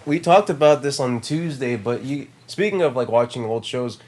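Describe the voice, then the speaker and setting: A young man co-hosting a podcast in casual chat, relaxed and steering the talk to new topics. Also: medium pitch, normal speed. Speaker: podcast co-host.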